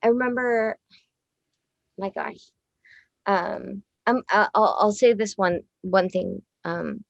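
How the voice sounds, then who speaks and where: Slow rambling woman in her thirties. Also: medium pitch, vocal fry, no echo, muffled recording. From Texas. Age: 30s. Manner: rambling, excitable, swears freely, laughs often. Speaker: interview guest, musician. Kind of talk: casual chat.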